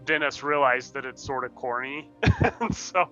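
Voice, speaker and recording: A man's voice: medium pitch, measured pace, bright, forceful tone, lo-fi sound, soft background music. A man co-hosting a casual film podcast, candid and opinionated, chuckling as he makes his points. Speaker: podcast co-host. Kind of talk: casual movie discussion.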